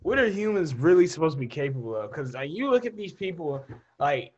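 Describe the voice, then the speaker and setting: A young man co-hosting a podcast, telling stories in an animated way and laughing often. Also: fairly high pitch, fairly quick, highs cut off. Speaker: podcast co-host. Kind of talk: casual chat.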